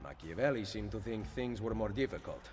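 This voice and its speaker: A man voicing Ezio, a brisk assassin. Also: fairly low pitch, lively intonation, a little mellow, natural voice. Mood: courteous. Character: confident male Renaissance assassin. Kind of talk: video game voice acting.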